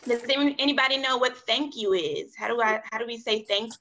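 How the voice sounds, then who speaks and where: Woman facilitator, slightly high, bright tone; encouraging, spells words out slowly on a video call. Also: a little hiss or hum, poor audio. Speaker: study group facilitator. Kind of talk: online group language lesson.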